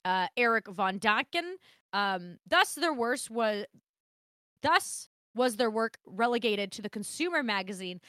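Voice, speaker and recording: A woman co-hosting a casual podcast, her fairly high voice bright and bouncing all over the place. She laughs often and trips over words as she reads her notes. The sound is dry and close. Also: no room sound. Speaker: podcast co-host. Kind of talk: casual chat.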